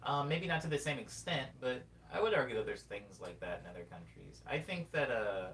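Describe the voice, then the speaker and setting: A man's voice: expressive, brisk, a bit bright. Rambling young man chatting on stream. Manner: rambling and reflective, reads chat messages aloud. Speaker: livestream host. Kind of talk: casual live-stream chat, answering chat. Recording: distant mic with faint rumble.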